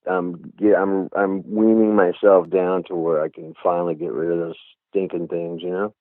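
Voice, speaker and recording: A man's voice: sits low, little pitch movement, moderate pace, no echo. A middle-aged man, a guest musician, talking candidly in an interview, rambling and leaning on "you know" again and again. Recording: tinny phone line.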